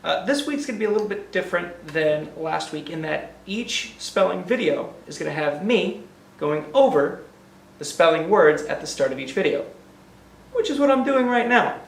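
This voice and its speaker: A man's voice: sits high, animated, normal speed, creaky. A male teacher opening a recorded spelling lesson for young children, upbeat and drilling each word with call and response. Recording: echoey room, mic at a distance.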